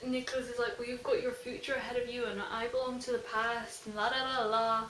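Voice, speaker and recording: Gushing young woman reviewing a book. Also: a little high. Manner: gushing, fast and animated, heavy use of "like". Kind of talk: casual book review chat. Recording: echoey room with faint noise.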